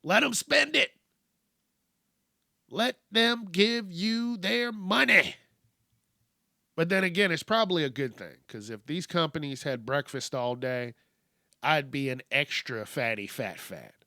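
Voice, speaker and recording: A man's voice: on the high side, expressive, a little slow, vocal fry, long pauses, sharp tone, no echo, clean studio sound. A man hosting a solo show, ranting bluntly and swearing a lot. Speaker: podcast host.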